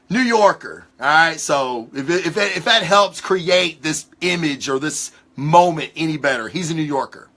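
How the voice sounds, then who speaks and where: A man hosting his own show talks in a loose, rambling monologue, excitable and full of swearing. His voice sits a little high and has a bright, forceful edge. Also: slow pace. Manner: rambling, excitable, heavy cursing. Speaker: host. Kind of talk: casual monologue.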